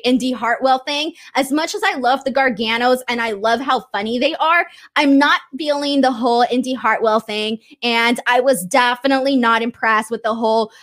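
A young woman with a high voice hosts a casual livestream. She reads viewer messages aloud and answers them in a chatty, opinionated way, with plenty of ums and uhs. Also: a bit bright. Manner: chatty and opinionated, many fillers. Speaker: wrestling show host reading viewer chat.

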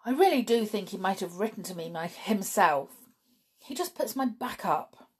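A woman's voice: mid-range voice, animated, normal speed, a little mellow, slightly rough. Woman doing sulky, scornful tomboy girl. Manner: scornful and emphatic. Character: sulky, proud, hot-headed tomboy girl.

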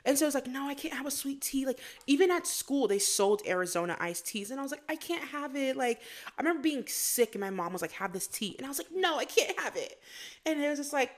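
A young woman from Florida, a podcast guest in casual interview chat, telling animated stories with acted-out quotes. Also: high voice, fast. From Florida, USA.

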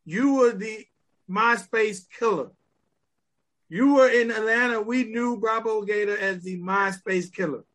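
An excitable man, speaking in a high, bright voice. He hosts a casual podcast interview and keeps joking and teasing his guest. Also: measured pace. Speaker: podcast host.

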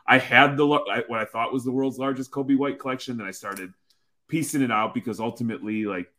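A man's voice: mid-range voice, steady tone, brisk, bright, forceful tone. A man chatting casually and enthusiastically about his card collection, rambling with many restarts. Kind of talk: casual chat.

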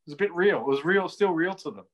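A man's voice: high-pitched, lively intonation, quick pace, fairly bright tone. An Australian man chatting casually and giving opinions as a co-host of a wrestling podcast. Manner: chatty, opinionated, laughs easily. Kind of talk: casual chat.

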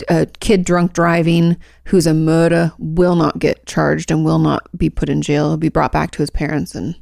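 Chatty low-voiced woman with gravelly edge. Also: steady tone, a little fast, a little mellow, no room sound, clean studio sound. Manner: chatty, rambling storyteller with lots of fillers. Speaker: podcast co-host. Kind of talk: casual chat.

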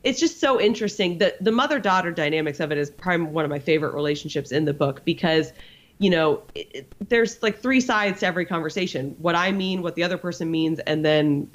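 A woman's voice: on the low side, lively intonation, quick pace, dull audio. A woman in her thirties, an author being interviewed on a podcast, telling candid stories with lots of fillers. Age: 30s. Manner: candid, storytelling with frequent fillers. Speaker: author guest.

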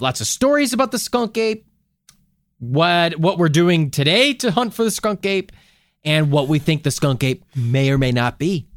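A man co-hosting a comedy podcast, rambling along playfully with plenty of filler words. His pitch bounces around animatedly, and the sound is dry and close to the mic. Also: a bit bright, no echo. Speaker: podcast co-host. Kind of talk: casual podcast chat.

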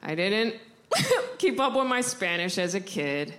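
A young American woman doing self-mocking stand-up comedy on a live stage, chatty and quick to switch into voices. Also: mid-range voice, very animated. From United States. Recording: live club mic with loud crowd.

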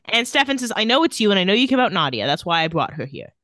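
A woman's voice: mid-range voice, big pitch swings, racing, bright, forceful tone, dry recording. A woman co-hosting a podcast, casually recapping TV scenes with quoted lines and dry asides. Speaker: podcast co-host recapping a TV episode. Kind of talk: casual chat.

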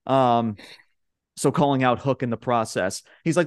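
This podcast host is a young man from Long Island, New York, who recaps wrestling promos in a relaxed, animated way, quoting the wrestlers and laughing as he goes. He speaks at a moderate pace in a medium pitch with a clean tone. There's no echo, and the audio is studio quality.

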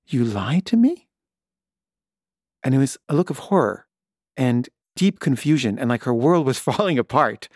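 A man's voice: medium pitch, lively intonation, moderate pace, no room sound, clean studio sound. A man telling a personal story about being a parent, in a chatty way with many fillers and restarts.

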